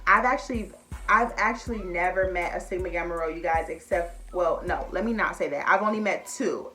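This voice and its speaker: A woman's voice: lowish voice, sharp tone. A young woman, chatting casually and emotionally to her viewers as y'all. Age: young adult. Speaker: vlogger. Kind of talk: casual chat to camera.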